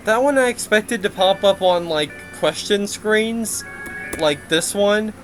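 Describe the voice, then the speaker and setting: A man's voice: high-pitched, slow, faint music behind, rough recording. A man giving a casual game development update, rambling with lots of fillers and frequent laughs.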